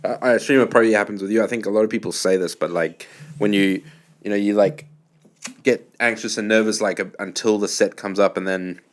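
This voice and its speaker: A man's voice: lowish voice, steady tone, a little fast. A man hosting a podcast, chatting casually in a laid-back way, swearing freely and chuckling often. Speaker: podcast host. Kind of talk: casual chat.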